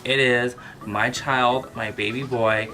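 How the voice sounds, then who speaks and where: A man vlogger telling a casual storytime about his pet, animated and full of exclamations. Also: mid-range voice, slow pace, faint music behind. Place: at home with his cat.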